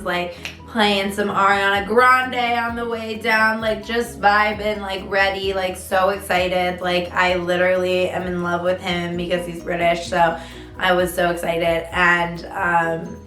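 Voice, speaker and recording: With a mid-range, slightly bright voice, a young woman talks casually to her vlog audience, full of filler words and dramatic swings as she tells her story. Faint music sits in a roomy recording.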